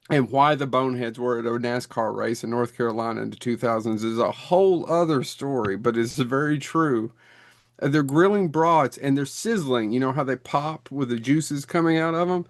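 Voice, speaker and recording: A man's voice: on the high side, no echo, clean studio sound. A man in his forties, a podcast co-host, rambling through anecdotes in casual chat with frequent laughter.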